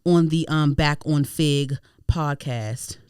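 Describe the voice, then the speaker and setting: A woman hosting a podcast in casual chat, animated and slangy, swearing freely. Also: deep voice, slow pace, clean tone, dry recording, clean studio sound. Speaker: podcast host.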